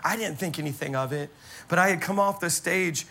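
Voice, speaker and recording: Bright, gravelly-voiced pastor preaching. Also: male voice, fairly high pitch, fairly quick. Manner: animated, exclamatory storyteller addressing the congregation. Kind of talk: sermon with storytelling. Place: church service.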